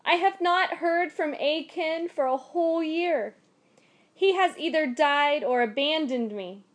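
A woman's voice: high voice, unhurried, voice pushed up. A woman storyteller voicing a distraught young peasant wife who pleads and cries out. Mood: desperate. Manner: pleading, crying out.

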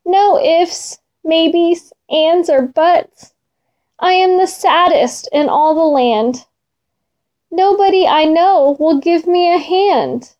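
A woman's voice: high-pitched, a little mellow, lo-fi sound. A woman voicing a boastful male lion king who chants his lines in rhythmic verse during a storybook reading. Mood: mournful.

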